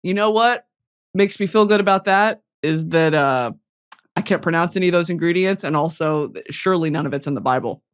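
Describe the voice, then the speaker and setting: A young woman hosting a podcast in a casual comedic monologue, profane and animated, jumping from loud outbursts to low mutters. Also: brisk, smooth. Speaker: podcast host.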